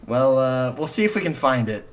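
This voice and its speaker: A man's voice: mid-range voice, very animated, moderate pace, very noisy. A young man co-hosting a casual comedy podcast, teasing his friend, making self-deprecating jokes and laughing often. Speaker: podcast co-host.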